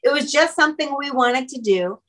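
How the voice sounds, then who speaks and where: A middle-aged woman hosting a podcast, chatting casually in an animated, easy-laughing way. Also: high-pitched, brisk. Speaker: podcast host. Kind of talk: casual chat.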